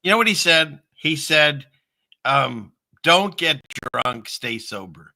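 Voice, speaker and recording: Middle-aged male host, rambling, laughs a lot, very bright voice, dry close mic. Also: on the high side, animated, slow, creaky, no room sound. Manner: rambling, laughs often, chatty. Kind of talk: casual talk show chat.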